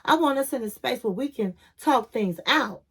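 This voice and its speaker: Woman quoting a calm, firm man. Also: fairly high pitch, moderate pace, slightly rough, full character voice. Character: calm, firm adult man setting boundaries.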